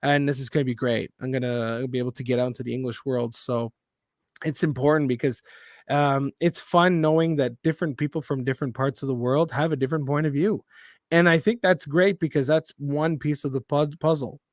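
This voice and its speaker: A man from Quebec co-hosting a casual live stream, excitedly reading out where viewers are from. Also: medium pitch, brisk, no room sound, studio quality. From Quebec, Canada. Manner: excitable, reads out viewer locations. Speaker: co-host.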